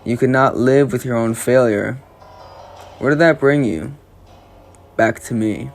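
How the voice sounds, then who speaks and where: Guy doing a big cold alien warlord, slow lecturing, menacing, faint music under it. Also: medium pitch, vocal fry. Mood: taunting.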